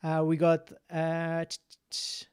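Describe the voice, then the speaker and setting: A man's voice: on the high side, monotone, slow pace, darkish tone, clean tone. A man hosting a casual live-stream quiz, chatting, reading out answers and scores, and laughing often. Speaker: quiz host.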